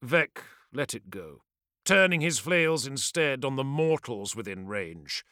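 A man's voice: mid-range voice, big pitch swings, a little slow, pushed and bright, dry recording, studio quality. Dramatic male fantasy audiobook narrator.

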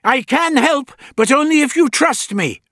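A man voicing a stern elderly gentleman traveller who speaks in a loud, forceful, commanding way. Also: extremely high pitch, lively intonation, a little slow, no room sound, studio quality, pitched above the performer's own voice, full character voice.

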